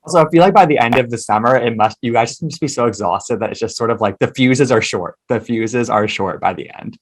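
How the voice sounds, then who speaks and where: A man hosting an interview podcast, warm in his praise, eager, and often restarting his sentences. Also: mid-range voice, brisk. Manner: enthusiastic, stumbling restarts.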